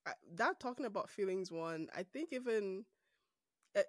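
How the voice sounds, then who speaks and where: A young woman from Nigeria hosting a casual interview, a chatty, animated storyteller who laughs a lot. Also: medium pitch, moderate pace, dry recording, clean studio sound. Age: young adult. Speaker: host.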